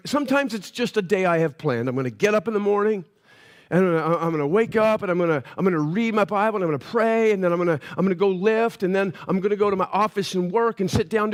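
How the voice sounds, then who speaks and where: Pastor guy preaching, super high voice, chatty and animated, does little character voices. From Canada. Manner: casual, animated storytelling with playful voices for characters. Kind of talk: sermon.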